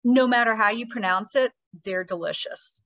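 A middle-aged woman from Georgia, a chatty, animated storyteller as an interview guest. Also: fairly high pitch, normal speed, dry recording. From Georgia, USA. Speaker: company CEO, guest. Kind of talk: conversational interview.

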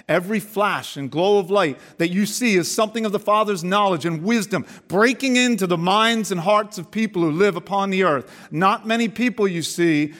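A man's voice: sits high, long reverb tail, voice pushed up. A man voicing a wise, patient senior male angel who speaks solemnly, in a story read during a sermon. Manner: solemn, reverent, gently instructive.

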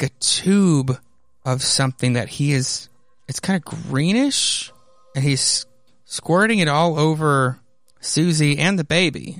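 Rambling, gravelly male podcast host. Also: fairly high pitch, fairly bright tone, no room sound. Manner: rambling, many fillers and restarts. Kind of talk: casual comic recap.

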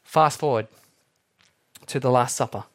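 A man's voice: mid-range voice, a little slow. A young adult man preaching a sermon, telling the story with energy and acting out the characters he quotes. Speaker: pastor.

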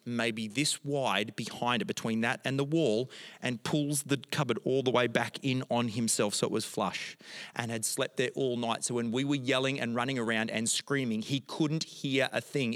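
A man's voice: mid-range voice, a bit bright, big-room sound. A middle-aged man, a pastor telling a family story in a sermon and moving into emphatic prayer.

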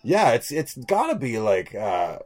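A man's voice: mid-range voice, huge pitch swings, a little slow, a little mellow. A man co-hosting a podcast, rambling and joking with a lot of swearing. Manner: rambling, profane, jokey. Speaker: podcast co-host. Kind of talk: casual comedic banter.

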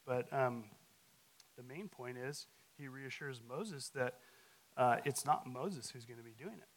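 A man's voice: medium pitch, poor audio. A man giving a conversational sermon as a guest teacher, reading scripture with added emphasis, full of restarts and fillers. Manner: casual, halting, with frequent restarts and fillers; adds emphasis to scripture and acts out quotes.

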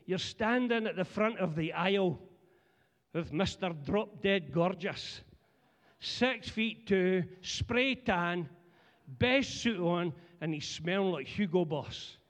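A middle-aged man with a Scottish accent preaching a humorous sermon, animated and joking as he talks to the congregation. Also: high-pitched, slow pace. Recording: long church hall reverb.

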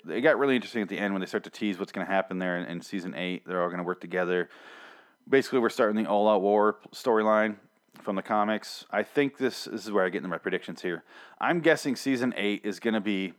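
A man's voice: lowish voice, clear, resonant tone. A man giving a casual, rambling spoken review of a TV special, blunt and sometimes swearing, often restarting his words. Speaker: TV show reviewer.

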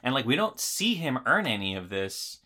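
A man's voice: medium pitch, very animated, normal speed, bright, forceful tone. A man in a casual film discussion, picking a movie apart with sarcasm and plenty of fillers. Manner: critical, sarcastic, many fillers and restarts. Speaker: podcast co-host.

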